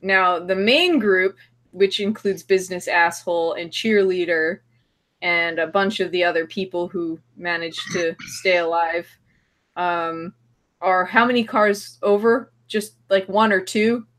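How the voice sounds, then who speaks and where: A woman's voice: on the low side, fairly even intonation, measured pace, a bit bright. A woman co-hosting a casual movie review podcast, laughing often and swearing freely as she retells a plot. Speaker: podcast co-host.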